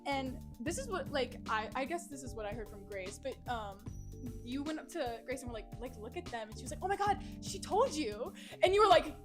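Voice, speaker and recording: Giggly high-voiced young woman telling a story. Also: lively intonation, brisk, over music. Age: young adult. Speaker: podcast guest. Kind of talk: casual chat.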